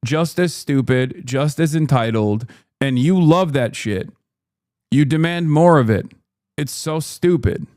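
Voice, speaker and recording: A man's voice: a little high, expressive, unhurried, a little mellow, no room sound, studio quality. A male streamer giving heated, profane political commentary, mocking and ranting. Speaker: streamer host.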